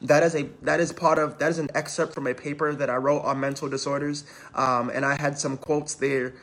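A man's voice: a little high, little pitch movement, brisk, fairly bright tone. A man preaching, reading scripture aloud and talking to the congregation in a conversational way. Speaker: preacher and counselor in training.

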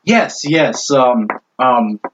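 A man's voice: medium pitch, animated, very slow, a bit bright. A man playing a tabletop game in character, laughing often and restarting his lines. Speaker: player. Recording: dull lo-fi recording with faint noise.

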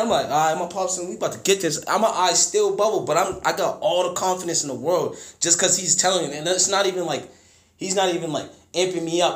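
A young man telling a story in casual, slangy chat. He acts out the people in his story by jumping into a much higher, louder voice. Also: roomy sound. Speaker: podcast guest telling a story.

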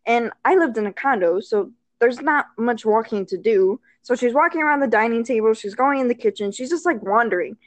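Chatty woman guest, high-ish voice, dry room sound; rambling anecdote with fillers and laughter. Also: expressive, fairly quick, few pauses, no echo. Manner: rambling, filler-heavy, laughs often, acts out quotes. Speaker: storyteller on a chat show. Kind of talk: casual storytelling chat.

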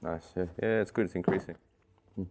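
A man's voice: low-pitched, fairly even intonation, brisk, very noisy. A man teaching a martial arts class, patiently coaching technique and repeating cues in rhythm.

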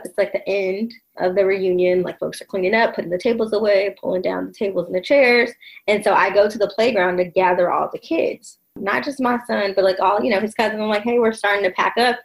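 A woman talks through a personal story in an easy, reflective way, often pausing on fillers and restarting her sentences. Her voice sits at a middling pitch and carries a noticeable creaky edge. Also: poor audio. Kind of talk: casual conversation.

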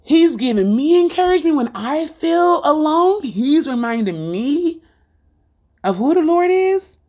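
Her voice sits high with a darkish tone and a sing-song lilt, a little slow, as she gives an informal Christian sermon. She preaches fervently in a rhythmic, repetitive way, restating lines for emphasis and firing rhetorical questions at her listeners.

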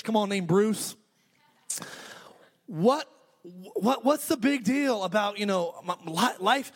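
A man preaching a sermon in a notably high voice. He drives his points home emphatically, circling back and restarting phrases as he builds. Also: expressive, a little slow, long pauses. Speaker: pastor.

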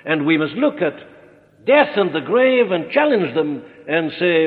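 A man preaching an expository sermon, earnest and emphatic, slowing down to stress his points. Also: on the high side, big pitch swings. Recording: echoey hall on a tinny narrow-band recording.

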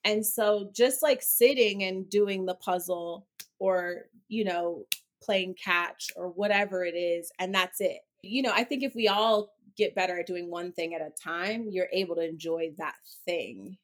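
A woman speaking as an interview guest, outspoken and expressive, with casual swearing. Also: fairly low pitch, a little slow. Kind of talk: candid conversational interview.

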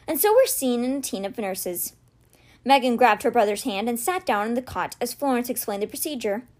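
A woman reading a children's novel aloud in a steady, gentle storytelling manner. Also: fairly high pitch. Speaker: read-aloud podcast host.

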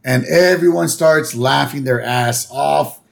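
A man co-hosting a podcast, chatting casually and acting out cartoon lines in quick voices. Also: medium pitch, creaky. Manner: animated, acts out character lines in quick voices. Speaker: podcast co-host. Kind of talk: casual chat recapping a cartoon episode.

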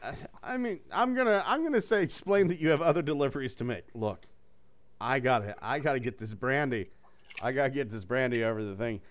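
A man's voice: medium pitch, fairly quick. Joking man reading a gamebook aloud. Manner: joking, profane, loose. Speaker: reader running a gamebook for friends. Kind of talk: reading a choose-your-own-adventure aloud with casual asides.

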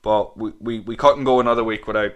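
A man's voice: lowish voice, steady tone, fast, a bit bright, lo-fi sound. A man co-hosting a casual podcast, swearing and laughing through his stories while fighting a cough. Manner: crude, swearing, laughing storyteller. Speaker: podcast co-host. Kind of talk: casual chat.

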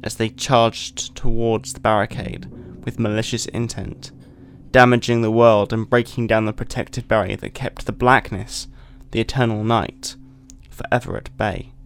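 Gravelly man reading a dark story. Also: on the low side, level tone, slight background noise. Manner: measured, deliberate storytelling delivery. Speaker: podcast host. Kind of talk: dramatic reading of a short story.

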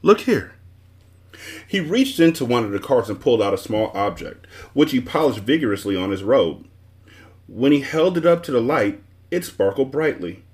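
A man's voice: medium pitch, expressive, moderate pace, a little mellow. A man reading a children's novel aloud as the host of a book club show.

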